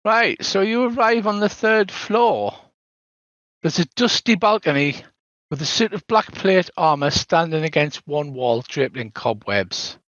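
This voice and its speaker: Older game master, dull lo-fi sound. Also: male voice, on the high side, expressive, unhurried, fairly bright tone, no room sound. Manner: descriptive, tosses in "so there is". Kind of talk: narrating a tabletop game.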